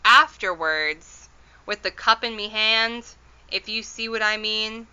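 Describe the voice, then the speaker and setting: A woman's voice: medium pitch, slow pace, pushed and bright, clean tone, highs cut off. A woman voicing an elderly tiny borrower father who speaks in rustic, ungrammatical phrases in a storybook read-aloud. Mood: explaining. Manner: rustic ungrammatical speech, rambling and reassuring.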